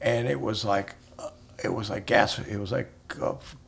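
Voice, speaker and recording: A man's voice: on the low side, steady tone, moderate pace, creaky, a bit bright, slightly rough. A man in his seventies, a guest in a casual chat, telling rambling stories with many restarts. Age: 70s.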